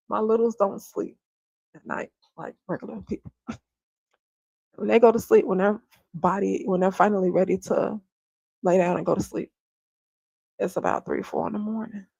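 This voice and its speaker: A woman livestreaming from home, a homeschooling mom speaking bluntly and swearing freely as she vents to her viewers. Her voice is husky and gravelly. The sound is dry and close, with little room echo. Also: mid-range voice, steady tone, moderate pace, long pauses, mellow, highs cut off. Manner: candid and venting, swears freely; talks straight to viewers, often asks if they follow her. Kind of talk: casual livestream chat.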